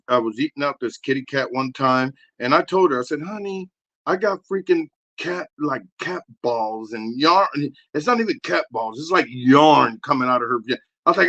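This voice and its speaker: A man doing a rambling, crude improvised comedy rant, excitable and prone to sudden shouting. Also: medium pitch, highs cut off.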